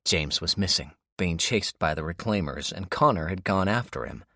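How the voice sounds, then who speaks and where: Man, audiobook narration, very low voice, steady storytelling, dry studio sound. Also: moderate pace, dry recording.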